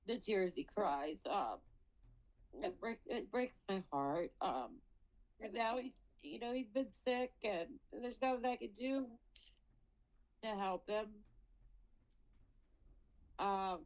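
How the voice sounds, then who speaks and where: On a video call at a hearing, a woman pleads for her father, her medium-pitched voice animated but halting as she repeats words and fights back tears. The recording is rough.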